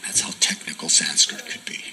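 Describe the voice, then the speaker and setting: A man giving a sermon as a devotional story, soft-spoken and often dropping to a near whisper for emphasis. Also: brisk, background noise. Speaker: spiritual teacher.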